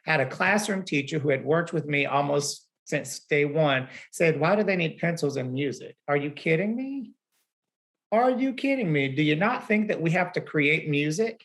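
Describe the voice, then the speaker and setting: A man's voice: a little high, a bit bright. A man who teaches the arts, speaking in an impassioned and pointed way during a panel discussion over a video call.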